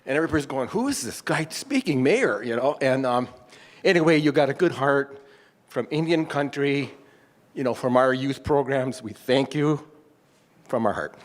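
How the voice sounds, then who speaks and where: Sincere man giving a short public comment. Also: medium pitch. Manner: informal, halting, sincere. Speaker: nonprofit representative. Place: council chamber.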